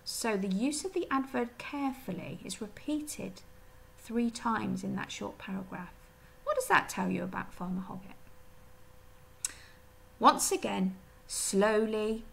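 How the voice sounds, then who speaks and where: A woman teacher giving a recorded reading lesson, explaining gently and asking her pupils questions. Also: medium pitch, animated, a little slow, gravelly, long pauses, a little hiss or hum. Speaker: primary school teacher.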